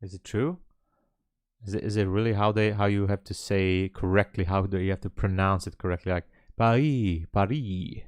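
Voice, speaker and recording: A man's voice: low voice, monotone, fairly quick, clean tone, no room sound, clean studio sound. A man hosting a live trading stream, chatting casually and hesitantly with viewers in a rambling way. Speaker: livestream trading host.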